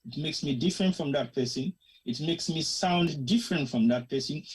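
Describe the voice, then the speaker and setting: Husky Sierra Leonean-accented commentator. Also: medium pitch, moderate pace, low-quality recording. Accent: Sierra Leonean Krio-tinged English. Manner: passionate, emphatic, slips into Krio phrases. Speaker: host of a current-affairs discussion show. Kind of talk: opinionated commentary monologue.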